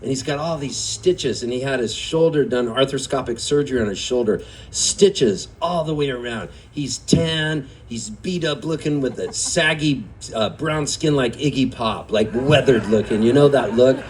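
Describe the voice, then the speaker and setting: A man's voice: mid-range voice, normal speed, few pauses, slight background noise. A singer-songwriter telling a rambling, chatty story on stage at a live music venue, laughing often as he goes.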